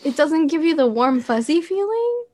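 A woman's voice: sits high, sing-song, normal speed, mellow, dry recording. A woman co-hosting a podcast in casual chat, making dry, wry remarks over a remote call. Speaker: podcast co-host.

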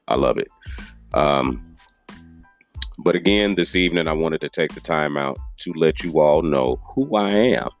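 A man talking on his own podcast in an earnest, apologetic way, often repeating himself. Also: extremely low pitch. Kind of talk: casual podcast monologue.

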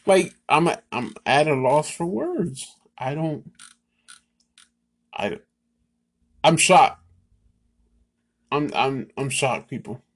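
A man's voice: a little high, sing-song, extremely slow, long pauses. Exasperated man ranting about football. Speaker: sports podcast host. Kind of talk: ranting sports commentary.

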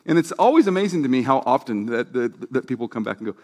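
A man, a pastor, preaching a sermon in a casual, storytelling way, dropping low and quiet for quoted lines and emphasis. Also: expressive, quick pace, hardly any pauses.

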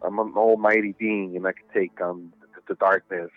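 Rambling low-voiced man, tinny line. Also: steady tone, moderate pace, no echo. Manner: rambling, many "you know"s, heavy swearing. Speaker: podcast guest. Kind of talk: casual storytelling chat. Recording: tinny phone-like line with faint music.

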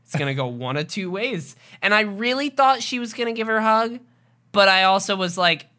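A woman co-hosts a relaxed podcast recap, reading from her notes and reacting with lively, unfiltered enthusiasm. Her voice is bright and forward, and she swears casually as she talks. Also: mid-range voice, fairly quick. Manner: animated, reads from her notes, swears freely. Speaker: podcast co-host. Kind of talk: casual chat recapping a TV episode.

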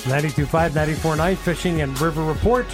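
A man's voice: fairly high pitch, fast, over music. A man hosting a morning radio show, bantering and teasing his guests with frequent laughs. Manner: teasing, jokey, laughs often.

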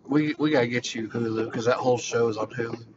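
A man's voice: mid-range voice, quick pace. A man co-hosting a casual podcast, telling stories with lots of energy and acting out other people's lines in raised voices. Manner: animated storyteller, acts out quotes in raised voices. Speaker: podcast co-host. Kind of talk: casual chat. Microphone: phone. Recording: dull lo-fi sound with clear background noise.

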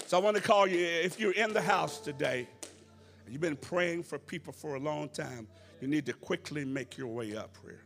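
Fervent gravelly preacher, slightly high voice. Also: male voice, normal speed, soft background music. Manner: impassioned, swings from hushed to shouting, speaks in tongues. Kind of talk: fervent Pentecostal sermon. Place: church service.

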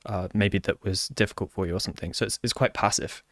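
Male software developer, low voice, dry close sound, halting casual talk full of fillers. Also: fairly even intonation, dry recording. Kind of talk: casual conversation.

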